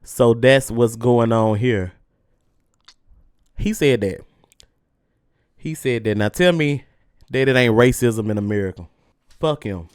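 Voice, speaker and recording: Profane, heated podcast host. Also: male voice, medium pitch, takes it slowly, long pauses, clear, resonant tone, no echo, studio quality. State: mouth burning from spicy food. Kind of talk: casual solo podcast rant.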